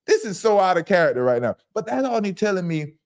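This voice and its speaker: A middle-aged man talks football on a casual podcast, slangy and emphatic. His voice sits a little high, and he leans hard on his points. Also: sing-song, quick pace. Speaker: podcast co-host, former football player. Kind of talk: casual sports talk.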